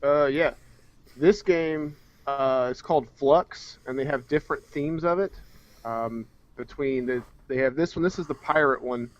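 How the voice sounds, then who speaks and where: A man's voice: medium pitch, measured pace, no room sound. Rambling man on a dull lo-fi mic. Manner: rambling, hesitant explainer. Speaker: podcast co-host. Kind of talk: casual podcast chat. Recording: dry, dull lo-fi recording.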